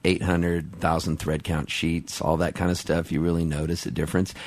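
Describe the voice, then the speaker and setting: A middle-aged man, a musician guest in a casual radio interview, talking in an excitable, rambling way with quick restarts. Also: deep voice, dry recording.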